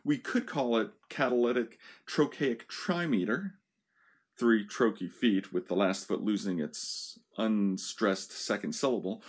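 A man giving a casual analytical talk on poetic meter, informal with little asides. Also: fairly low pitch. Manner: informal, with asides like "you know" and "so yeah". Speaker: literature lecturer.

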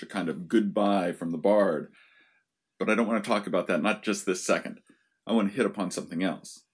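A man's voice: on the low side, husky. A man giving a lecture on verse, talking to his listeners in a conversational way with wry asides. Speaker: literature lecturer.

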